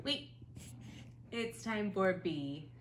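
A woman teacher reading a picture book aloud to young children from her home, in an animated sing-song way. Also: medium pitch, very slow, noisy background. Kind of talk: children's story read-aloud.

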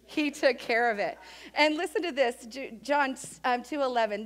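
A woman pastor preaching a sermon in an animated, emphatic storytelling manner. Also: high-pitched, normal speed.

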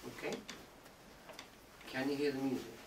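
A man lectures on poetry to a live audience, explaining patiently and often asking whether they follow. His voice, neither high nor low, is picked up from a distance in a roomy hall. A faint background hiss sits under the recording. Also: flat delivery, moderate pace. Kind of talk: public talk on poetry. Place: indoor room with a live audience.

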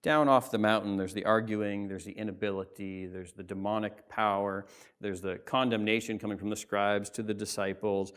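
A pastor preaching a sermon in a church, reading scripture and explaining it in a conversational way with frequent asides. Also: male voice, on the low side, fairly even intonation, normal speed, fairly bright tone. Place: church sanctuary.

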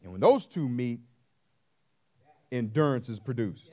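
A man's voice: mid-range voice, big pitch swings, measured pace, darkish tone. A man preaching a sermon as pastor, emphatic and repetitive, calling out questions to his congregation.

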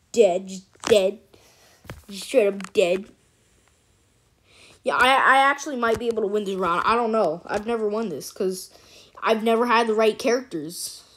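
A woman giving casual, excitable let's-play commentary as host of a gaming channel, chatty and cheering at her wins. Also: mid-range voice.

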